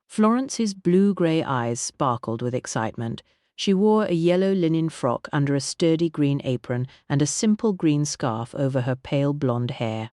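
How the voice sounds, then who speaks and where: An audiobook narrator reading a period mystery novel in an even, measured storytelling manner. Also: medium pitch, dry recording, studio quality.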